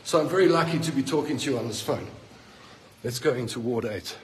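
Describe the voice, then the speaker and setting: A man's voice: mid-range voice, fairly quick, slight background noise. Furious South African man ranting. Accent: South African English. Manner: indignant, accusing, fired up. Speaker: hospital patient filming. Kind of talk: angry phone video rant. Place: hospital ward, indoors. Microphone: phone held by the speaker. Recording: echoey hospital ward on phone.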